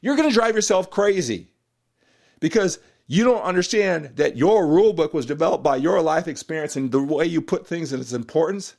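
Male motivational podcast host, slightly high voice, very lively delivery, direct and emphatic. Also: moderate pace, gravelly. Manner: animated, direct and emphatic, with frequent "right?" and "you know".

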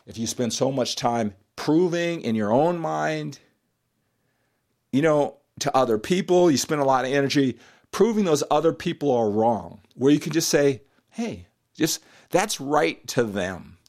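A man hosting a podcast, talking straight to the listener in an animated, emphatic monologue full of "right?" and "you know". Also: mid-range voice, normal speed. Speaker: podcast host and coach.

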